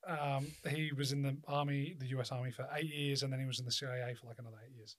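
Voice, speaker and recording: A man's voice: mid-range voice, flat delivery, quick pace. A man hosting a podcast in casual chat, laid-back, swearing often and filling with ums. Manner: laid-back, swears a lot, many fillers. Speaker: podcast host.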